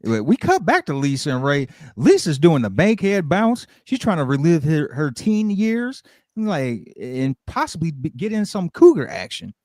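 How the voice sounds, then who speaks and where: A man's voice: on the high side, huge pitch swings, moderate pace, darkish tone, no echo, studio quality. A man hosting a casual livestream, playfully recapping a show and slipping into character voices. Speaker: podcast host.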